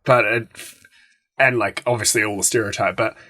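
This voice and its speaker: A man's voice: on the low side, steady tone, normal speed, sharp tone. A young man, co-hosting a podcast with dry joking banter. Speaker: podcast co-host. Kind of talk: casual chat.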